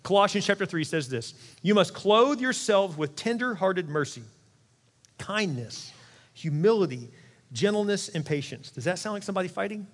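A middle-aged man, a pastor, preaching an animated, conversational sermon with quick asides in a large church auditorium. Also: sits high. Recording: long hall reverb.

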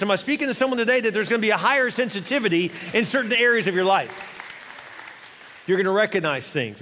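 A man preaches with fervent, repeating urgency as a pastor in a church. His voice sits high for a man. Long reverb trails each phrase around the large hall. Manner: fervent, rising to shouting exhortation. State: winded at times. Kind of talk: sermon.

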